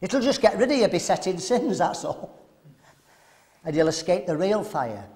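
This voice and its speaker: A man preaching at a men's seminar, animated and throwing rhetorical questions to the audience. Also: high voice, moderate pace.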